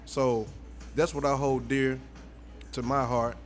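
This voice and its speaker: A man speaking as a guest photographer in casual podcast chat, animated and swearing freely. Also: mid-range voice, slow, faint music behind.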